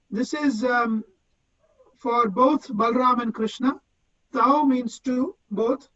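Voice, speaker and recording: A man gives a devotional scripture class at an unhurried, measured pace, chanting verse lines and then unpacking each word for his listeners. The sound is slightly muffled and lo-fi, like an online stream. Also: very high-pitched, a bit bright. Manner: recites Sanskrit verse then explains word by word.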